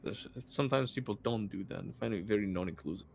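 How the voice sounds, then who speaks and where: Gravelly, lively-voiced man joking at the table. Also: lowish voice, fast, a little hiss or hum. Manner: playful, jokey banter. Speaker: player. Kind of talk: casual chat at a tabletop game.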